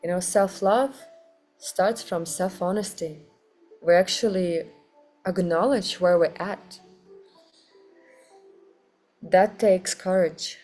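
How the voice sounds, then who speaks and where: A woman teaching a kundalini yoga class, guiding with soft, gentle, unhurried instructions. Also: on the low side, fairly even intonation, soft background music.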